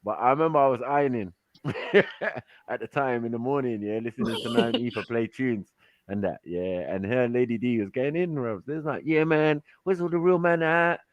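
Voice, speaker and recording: A man chatting casually on a live panel, telling animated stories and mimicking other people. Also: medium pitch, moderate pace, dull audio. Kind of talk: casual chat.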